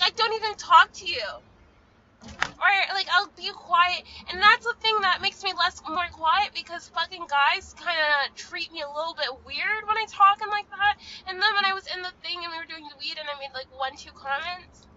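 Young woman vlogger, profane venting rant, sharp bright tone, muffled recording. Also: very high voice, normal speed, a little hiss or hum. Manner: profane, ranting, frequent "like". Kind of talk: casual venting monologue.

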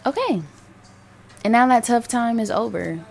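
A woman's voice: a little high, lively intonation, unhurried, gravelly, a little mellow, soft background music. A young woman hosting her own podcast, talking candidly and rambling with lots of fillers and swearing. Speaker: podcast host. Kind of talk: casual solo podcast monologue.

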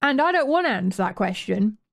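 A woman's voice: medium pitch, very animated, fairly quick, vocal fry. Earnest, sweary woman. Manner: earnest, sweary, mocks others' fussing. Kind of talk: casual group chat.

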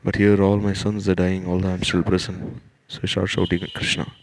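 A man giving a religious lecture, retelling a scripture story in a measured way and often restarting his phrases. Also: low voice, monotone, noisy background. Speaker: religious speaker.

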